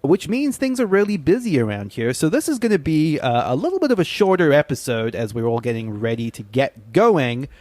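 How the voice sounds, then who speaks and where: A man's voice: fairly high pitch, dry recording. A man hosting a board game podcast in casual chat with co-hosts. He is upbeat and laughs easily. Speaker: podcast host.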